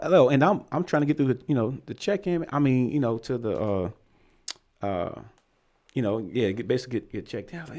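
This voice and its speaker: A fairly quick, medium-pitched voice belongs to a young man from Virginia, USA, co-hosting a podcast. In casual storytelling chat, he animatedly imitates the people he's describing.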